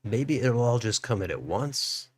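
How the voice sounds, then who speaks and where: A man's voice: medium pitch, big pitch swings, a little slow. A man hosting a political livestream, musing aloud as he reads out election results. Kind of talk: live election results commentary.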